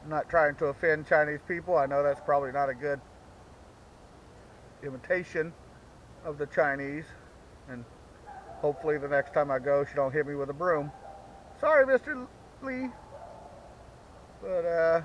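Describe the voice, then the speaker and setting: A man hosting his own vlog, talking a little high for a man as he rambles and cusses through self-mocking jokes. The recording is dull and muffled, with a faint hiss of noise behind him. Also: fairly bright tone. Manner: profane, joking, self-mocking. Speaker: vlog host. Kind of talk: comedic rambling monologue.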